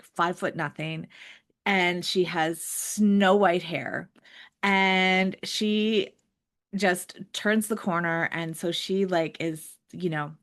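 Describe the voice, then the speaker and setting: A woman's voice: on the low side, a bit bright. A woman in her forties hosting a podcast, telling a personal story in a chatty, self-deprecating way with plenty of fillers. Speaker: podcast host.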